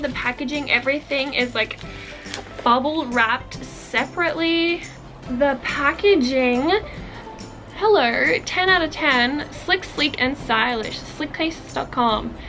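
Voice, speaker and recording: Gushing high-voiced young woman. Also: rough recording. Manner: gushing, excitable, gasps and exclaims often. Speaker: vlogger. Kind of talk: unboxing vlog. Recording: faint music behind.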